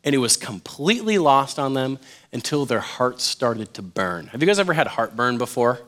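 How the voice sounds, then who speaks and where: A man's voice: mid-range voice, moderate pace. A man preaching a casual, conversational sermon as a youth pastor, joking with his listeners and acting out the stories. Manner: animated and jokey, acts out quotes, addresses listeners as "you guys".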